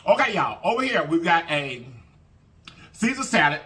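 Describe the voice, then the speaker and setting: A man's voice: high-pitched, moderate pace, slight background noise. A man hosting a casual eating vlog, folksy and chatty, humming as he eats. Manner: lively, folksy, hums while eating. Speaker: mukbang host.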